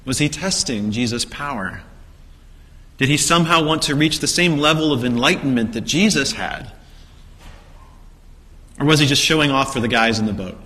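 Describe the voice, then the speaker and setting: A man's voice: medium pitch, lively intonation, normal speed, long pauses, bright, forceful tone. A man preaching a sermon, telling the story with rhetorical questions and acted-out quotes. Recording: long hall reverb.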